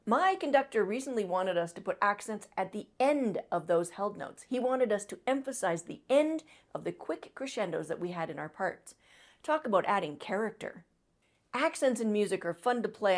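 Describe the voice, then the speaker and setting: Female trumpet teacher, encouraging instructional delivery, mid-range voice. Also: medium pitch. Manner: encouraging, demonstrative, coaching with breath cues. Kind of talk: instructional video talk.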